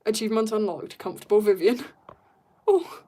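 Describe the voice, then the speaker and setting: A woman's voice: medium pitch, animated, moderate pace, mellow. A woman livestreaming as she draws, chatting casually with her viewers in a bubbly way and laughing often. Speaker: livestreaming artist. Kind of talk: casual chat while drawing, reading chat.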